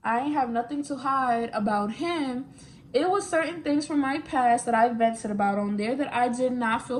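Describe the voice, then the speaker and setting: A young woman with a high voice tells a story in a lively, slang-filled way, often repeating herself for emphasis. There is a faint hum in the room behind her. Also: creaky. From New York. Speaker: vlogger. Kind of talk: casual storytime chat. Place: at home, getting ready.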